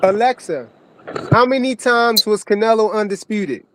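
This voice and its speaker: A man in a casual sports debate who is excitable and keeps cutting in to take the floor. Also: sits high, moderate pace, a little hiss or hum. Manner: loud, excitable, cuts in with "hold on".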